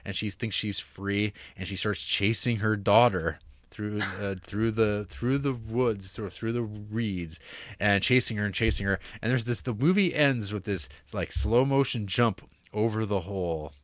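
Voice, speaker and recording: A young man with a low voice casually retells a movie plot, stumbling through fillers and restarts. The sound is close and dry, with almost no room echo. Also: a little slow, fairly bright tone. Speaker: podcast co-host.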